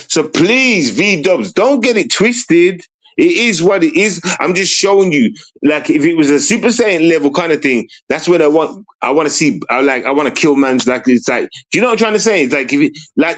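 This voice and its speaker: A man's voice: fairly high pitch, expressive, a little fast, few pauses. A young man ranting on a casual livestream, mocking and repetitive as he talks to his chat.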